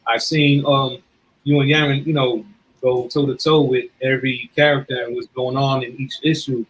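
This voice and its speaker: A man co-hosting a casual chat who speaks politely and somewhat haltingly. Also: medium pitch, flat delivery, slight background noise, rough recording. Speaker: co-host.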